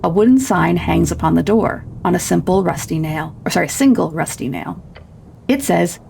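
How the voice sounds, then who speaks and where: Gravelly-voiced woman game streamer. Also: on the low side, expressive, normal speed, darkish tone, a little hiss or hum. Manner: chatty, reads narration aloud. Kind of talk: reading and playing a game on stream.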